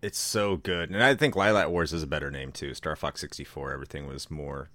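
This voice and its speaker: Podcast guest, male; very deep and quick, with a bright edge and a laid-back slangy manner. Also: dry recording. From United States. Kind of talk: casual podcast chat.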